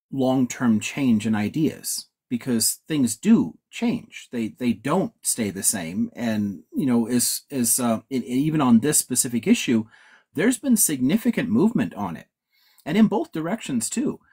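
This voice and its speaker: Husky-voiced man, halting and thoughtful. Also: medium pitch, mellow. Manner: hesitant, many restarts, thoughtful. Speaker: discussion panelist. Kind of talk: casual discussion.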